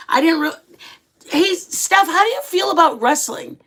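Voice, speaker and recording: Bright, animated middle-aged woman chatting. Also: very high-pitched, normal speed. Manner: animated, chatty, dramatic storytelling. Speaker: livestream host. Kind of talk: casual livestream chat with viewers.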